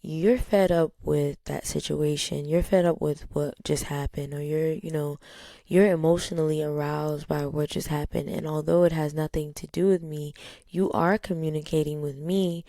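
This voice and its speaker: A woman with a low voice and some vocal fry talks through her thoughts in a steady, unhurried way. Her tone hardly changes, and she fills her pauses with small fillers. The sound is dry and close. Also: no room sound. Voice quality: low, even tone. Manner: calm, steady, many fillers. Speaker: podcast host. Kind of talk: casual reflective talk.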